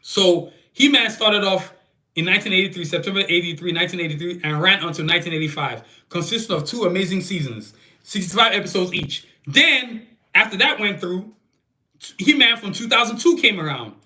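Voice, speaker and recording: Guy hosting his own podcast on his phone, high bright voice, slangy and fired up. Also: brisk. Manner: animated, slangy, opinionated rants. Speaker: podcast host. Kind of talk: casual solo podcast talk. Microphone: phone camera.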